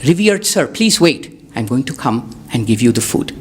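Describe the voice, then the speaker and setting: A man's voice: medium pitch, sing-song, moderate pace, a little hiss or hum, close to an everyday voice. A man voicing a dutiful village housewife in a spoken story, speaking in a courteous, apologetic way.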